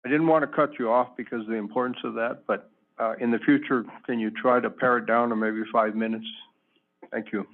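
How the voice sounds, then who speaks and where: A man's voice: medium pitch, fairly even intonation, a little fast. A man chairing a county board meeting, polite but firm about speakers' time. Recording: phone-like lo-fi audio from a distant mic.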